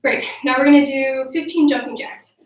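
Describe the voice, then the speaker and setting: A woman's voice: high-pitched, steady tone, moderate pace, background noise. A woman sports coach leading a home workout, upbeat and encouraging, counting reps aloud and out of breath. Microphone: camera mic at a distance. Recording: echoey room, voice from off-mic.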